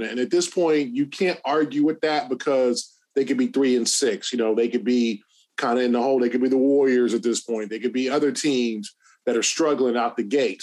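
A man co-hosting a sports podcast, talking in a measured, analytical way and stretching some words. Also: mid-range voice, darkish tone. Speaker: podcast co-host.

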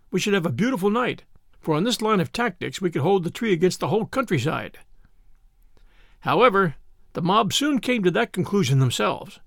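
A man narrating a classic novel in a high, gravelly voice, with lively, varied intonation. The storytelling is measured, and the sound is dry and close. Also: dry recording. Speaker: audiobook narrator. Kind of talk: scripted narration.

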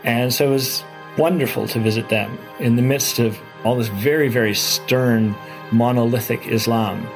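A man's voice: medium pitch, steady tone, normal speed. Traveler man, documentary interview, eager storytelling, music under. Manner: enthusiastic, with restarts and repeated words. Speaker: adventurer recounting his trip.

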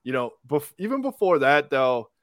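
A casual interviewer winds through loose, joking questions, restarting and padding with "like" as they go. The voice sits at a middle pitch and is recorded close and dry. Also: sing-song, normal speed, no room sound. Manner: rambling, joking questions with many "like".

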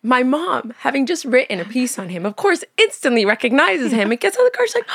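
A woman's voice: high voice, big pitch swings, brisk, a bit bright, breathy edge, dry recording, studio quality. A woman in her thirties from Canada, a podcast guest who tells stories with animation, laughs often and acts out what people said. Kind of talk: casual interview chat.

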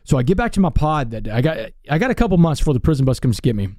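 An earnest man tells his story with energy and feeling. His voice is mellow and dark, recorded close in a dry studio. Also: on the high side, very animated, rapid-fire, no echo. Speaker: guest. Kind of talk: storytelling interview.

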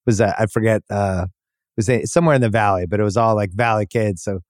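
A man's voice: on the low side, no room sound. Middle-aged man podcast host, dry sound. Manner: quick interjecting questions, plain ad read. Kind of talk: casual chat and read ad.

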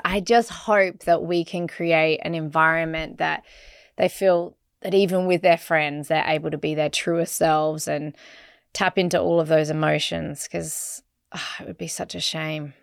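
A woman's voice: sits low, gravelly, clean tone, dry recording, clean studio sound. A woman, hosting a podcast and speaking earnestly and with enthusiasm. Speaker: podcast host. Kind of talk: candid podcast conversation.

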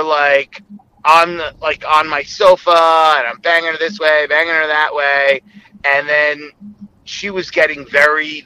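A man with a very bright, slightly high voice tells a rambling, explicit personal story. He talks casually and keeps quoting what others said. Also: clean tone, rough recording.

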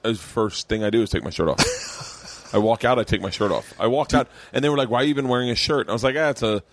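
Fast-talking comedian man. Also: medium pitch, a little hiss or hum. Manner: rambling, quick restarts. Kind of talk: casual podcast chat.

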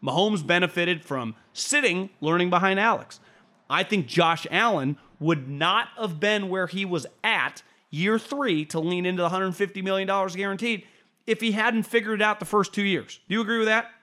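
A man's voice: moderate pace, bright, forceful tone. A man co-hosting a casual sports podcast, rambling through his points with restarts and an occasional swear. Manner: rambling with restarts and swings in pitch; casual, swears now and then. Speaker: podcast co-host.

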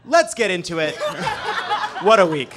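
A man's voice: high-pitched, huge pitch swings, slow pace, heavy background noise. A man hosting a live comedy show on stage, delivering a sarcastic news monologue and swearing for emphasis. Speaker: host.

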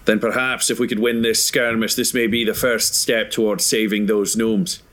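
A man's voice: lowish voice, little pitch movement, normal speed, fairly bright tone, lightly acted. An earnest, commanding hero, as a player puts him on, speaks in formal, resolute sentences. He sounds like a character in a tabletop adventure.

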